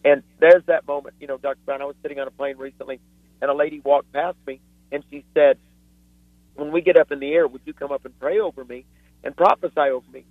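A man's voice: fairly high pitch, fairly even intonation, quick pace, no room sound. Fervent preacher man on a phone line. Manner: fervent, earnest, storytelling. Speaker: guest author and preacher. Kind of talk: impassioned preaching on a talk show. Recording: dry tinny phone line.

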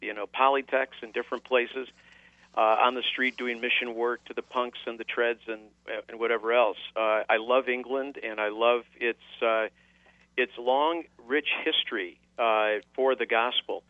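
A man's voice: mid-range voice, fairly even intonation, normal speed, no echo. Radio host guy, wry, quotes bible a lot, tinny phone-ish sound. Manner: wry, quotes scripture at length. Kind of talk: debate on a call-in radio show.

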